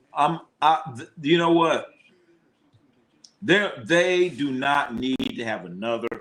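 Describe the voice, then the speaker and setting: A man in the middle range of pitch hosts a live sports watch party. His talk is loose, animated and full of swearing and laughter as he reacts to plays and argues with his chat. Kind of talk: casual live sports commentary.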